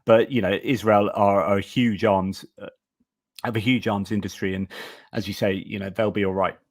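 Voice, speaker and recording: A man's voice: fairly low pitch, fairly even intonation, moderate pace, no echo. Male host, casual live-stream chat, hesitant, dry close sound. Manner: hesitant, many fillers and restarts.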